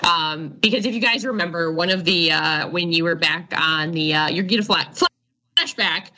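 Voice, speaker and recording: A woman runs a tabletop game as game master, narrating with drama and energy. Her voice is bright and forceful. She mixes in fillers as she builds the scene. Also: on the low side, normal speed.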